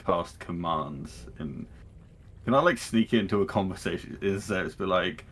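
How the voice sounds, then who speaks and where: A man taking his turn as a player in a tabletop game, eager and quick with ideas. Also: deep voice, fairly bright tone, slightly rough. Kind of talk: casual tabletop play.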